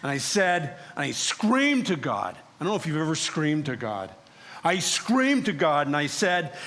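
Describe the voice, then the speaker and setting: A man preaching a dramatic first-person sermon, speaking in character as the prophet and swinging from hushed pleading to loud, exasperated ranting. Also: a little high, big pitch swings, unhurried.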